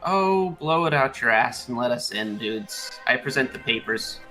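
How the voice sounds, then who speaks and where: A man's voice: medium pitch, expressive, moderate pace, sharp tone, soft background music. A man playing a tabletop game, brash and blunt. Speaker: player. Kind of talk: casual tabletop play.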